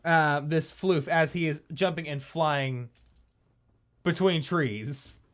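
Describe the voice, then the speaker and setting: A man's voice: a little high, slow, a bit bright. A man narrating a tabletop game as dungeon master, in a loose, hesitant way full of fillers and restarts.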